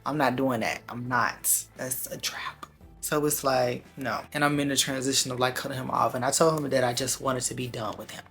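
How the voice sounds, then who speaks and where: A man tells a personal story to his camera in loose, slangy speech that runs quick and lively. His mid-range voice carries a steady gravelly fry, and he gets animated as the story goes on. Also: medium pitch, soft background music. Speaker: vlogger. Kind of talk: casual storytime vlog.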